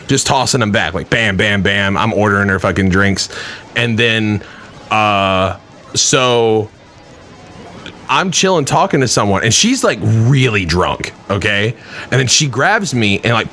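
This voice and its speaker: Podcast host, male, lowish voice, loose swearing storyteller, faint background hiss. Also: sharp tone. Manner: rambling, profane storytelling full of "like". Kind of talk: casual podcast chat.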